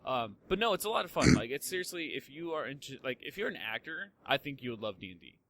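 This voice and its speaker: A man's voice: medium pitch, big pitch swings, quick pace, fairly bright tone, a little hiss or hum. A young man hosting a podcast in casual chat, rambling with lots of fillers and restarts and swearing freely. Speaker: podcast host.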